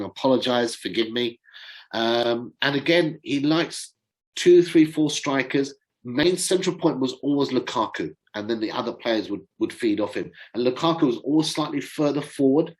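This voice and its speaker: Man, middle-aged, fan channel host, casual football chat, rambling, fumbles names, mid-pitched voice, close mic. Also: rough recording.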